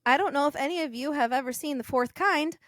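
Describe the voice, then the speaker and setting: A woman in her thirties co-hosting a podcast, telling a story in lively, swearing casual chat and acting out the voices in it. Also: high voice, fast talker, no room sound, clean studio sound. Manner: animated, swearing, acts out dialogue in her story. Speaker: podcast co-host.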